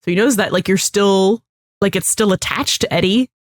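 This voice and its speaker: A woman's voice: medium pitch, normal speed, no echo, studio quality. A woman co-hosting a casual podcast chat, animatedly recapping a TV episode, acting out characters' lines and swearing freely. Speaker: podcast co-host.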